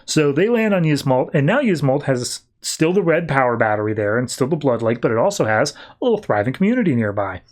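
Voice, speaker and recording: A man's voice: medium pitch, sing-song, a little fast, few pauses. Chatty man recapping comics. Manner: chatty, many "like" fillers. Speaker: podcast host. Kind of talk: casual comic book recap.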